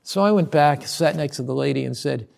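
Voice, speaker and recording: Man, pastor, earnest sermon-style preview, gravelly, a bit high. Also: a little fast, darkish tone. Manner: earnest, retells a personal story with quoted dialogue; repeats words when restarting.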